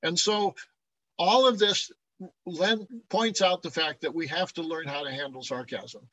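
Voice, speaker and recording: A man's voice: on the high side, pushed and bright, dry recording, rough recording. A man giving a classroom lecture on Bible translation, often checking in with the class and chuckling as he explains.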